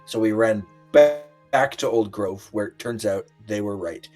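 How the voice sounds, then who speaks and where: A man's voice: on the low side, a little mellow. Rambling man with faint music. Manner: rambling, halting with fillers, acts out quotes. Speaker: player recapping the last session. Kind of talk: casual tabletop recap.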